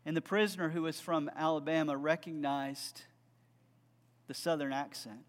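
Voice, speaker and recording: A man's voice: fairly high pitch, fairly even intonation, moderate pace, big-room sound. A man preaching a sermon, telling a story with earnest conviction and closing in fervent prayer. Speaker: pastor.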